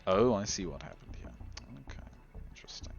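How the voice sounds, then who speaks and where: Lively, giggly man narrating gameplay. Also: sits low, fairly quick, highs cut off, faint music behind. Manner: chatty, giggly, trails off into quiet mutters. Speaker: game video host. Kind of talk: gameplay commentary.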